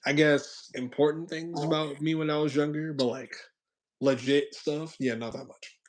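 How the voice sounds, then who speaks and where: A young man hosting his own stream, chatting casually with a friend in a rambling, reflective way that often trails off into quieter asides. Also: a little high, little pitch movement, moderate pace. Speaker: channel host.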